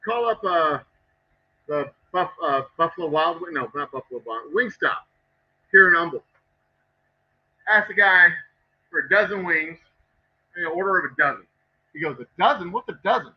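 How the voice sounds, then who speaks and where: High-voiced, husky man chatting on a live stream. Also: expressive, normal speed, long pauses, dull audio. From Texas. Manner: rambling, wry and self-mocking, swears freely. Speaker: distiller streaming from his shop. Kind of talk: casual live-stream chat while working. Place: distillery workshop.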